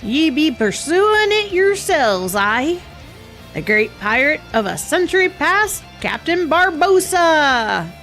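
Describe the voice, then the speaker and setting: A woman's voice: sits high, big pitch swings, slow pace, fairly bright tone, faint music behind, exaggerated voice. A woman voicing a boisterous old male pirate captain, in a hearty drawling pirate manner, reading game dialogue aloud. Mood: boastful.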